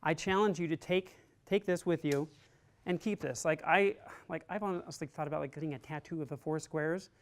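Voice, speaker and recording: A man's voice: a little high, a little fast. A man teaching a resilience class who talks in an informal, chatty way, full of "like," and sounds earnest and encouraging. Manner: informal and chatty, heavy use of "like". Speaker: army resilience trainer. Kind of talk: classroom lecture with a personal story.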